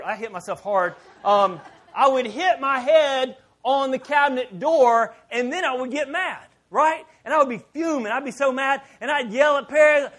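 A man preaching a sermon in church as pastor, animated and joking with the congregation. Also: extremely high pitch.

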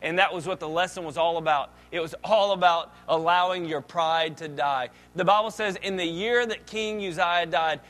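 A man's voice: high voice, pushed and bright. A man preaching a sermon as a pastor, reading scripture and explaining it in a conversational way with joking asides.

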